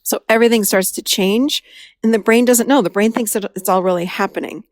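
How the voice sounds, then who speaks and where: A woman's voice: medium pitch, a little fast, no room sound, clean studio sound. A woman therapist hosting a podcast, telling a client's story casually and acting out the dialogue in a raised voice. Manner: animated, acts out dialogue in a raised voice.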